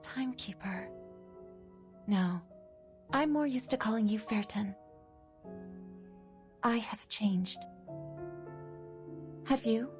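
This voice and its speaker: A woman's voice: on the high side, takes it slowly, pauses often, soft background music. A woman voicing a stern female clinic official in a game who speaks formally and follows orders. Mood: cold. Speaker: rehabilitation center staff in a game.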